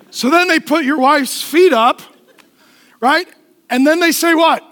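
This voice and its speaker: High-voiced joking male pastor. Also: unhurried, pauses often, long reverb tail. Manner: animated, joking storyteller who asks the crowd questions. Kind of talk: humorous sermon.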